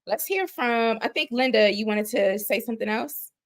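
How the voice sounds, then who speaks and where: A woman's voice: fairly high pitch, moderate pace. A woman hosting a discussion panel who encourages the guests and laughs easily. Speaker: host.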